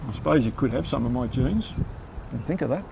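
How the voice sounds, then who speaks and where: Quick-talking Australian storyteller, older man. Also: mid-range voice, expressive, creaky, background noise. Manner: wry, self-deprecating humour. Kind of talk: live storytelling on stage. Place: theatre stage before an audience.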